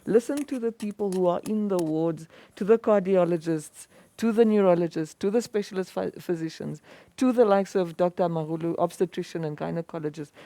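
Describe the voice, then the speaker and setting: A woman's voice: lowish voice, warm tone, dry recording. Earnest woman moderating a panel. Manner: earnest, wrapping up with thanks. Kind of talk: panel discussion.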